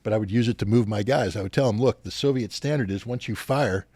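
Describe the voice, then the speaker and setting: Older male guest, low voice, dry close sound, animated storyteller who acts out quoted dialogue. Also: fast, dry recording. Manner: animated anecdotes, acting out quoted officers. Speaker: podcast guest. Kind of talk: storytelling in a podcast interview.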